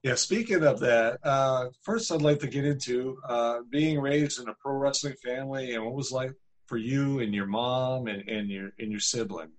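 A man's voice: mid-range voice, moderate pace. A man interviewing a guest, asking hesitant questions padded with fillers. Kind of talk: casual interview.

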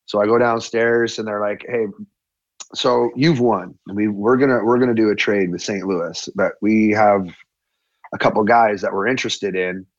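Man telling a lively story, dry dull sound. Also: lowish voice, moderate pace, no room sound. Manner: animated, acts out quotes with a raised voice. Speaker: former hockey player. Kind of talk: casual storytelling.

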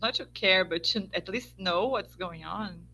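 A woman from Brazil, chatting casually as a podcast guest, soft-spoken and quick to laugh. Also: mid-range voice, a little hiss or hum, rough recording. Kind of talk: casual chat.

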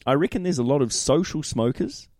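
A man co-hosts a casual podcast in a warm, mellow voice with lively swings in pitch. He banters in a laid-back way, calling his co-host "mate" and ending lines with tag questions. The sound is dry and close. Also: a little fast, no room sound. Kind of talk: casual chat.

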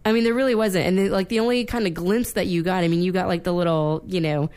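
A woman's voice: fairly low pitch, fairly even intonation, quick pace, darkish tone. A woman co-hosting a casual film-review podcast, talking bluntly and animatedly, swearing freely and using plenty of fillers. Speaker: podcast co-host.

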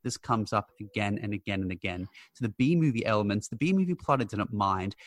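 A man discussing a film in casual conversation, analytical and critical, speaking in a measured way. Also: lowish voice, no room sound. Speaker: film podcast panelist.

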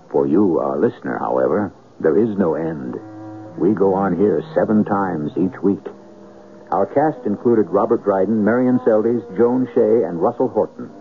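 Brief: male radio drama host, low voice, reflective scripted delivery, phone-thin lo-fi audio. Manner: measured, reflective. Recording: lo-fi old radio broadcast with faint hiss.

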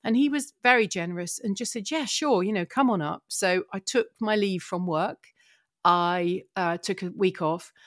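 A woman's voice: on the low side, normal speed, dry recording, studio quality. Earnest middle-aged woman telling her story. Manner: lively, earnest storyteller, full of restarts. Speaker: guest, broadcaster and child therapist. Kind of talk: personal storytelling in a podcast conversation.

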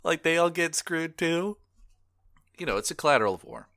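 A man hosting a casual film discussion podcast, animated and quick to laugh, often restarting his sentences. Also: fairly high pitch, no echo. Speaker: podcast host.

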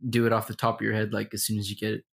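Fast-talking husky young man. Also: fairly low pitch, monotone, a bit bright. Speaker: podcast co-host. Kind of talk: casual chat.

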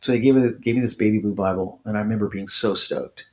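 A man's voice: fairly low pitch, fast, darkish tone. A man on a podcast telling his personal faith testimony in an earnest, conversational way, full of restarts and voiced quotes. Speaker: podcast guest.

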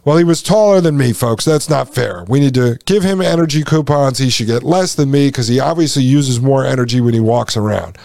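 A man's voice: medium pitch, a little fast, creaky, few pauses, darkish tone, no echo. A man hosting a podcast, reading passages aloud and breaking off into folksy, sarcastic asides to his listeners. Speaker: podcast host.

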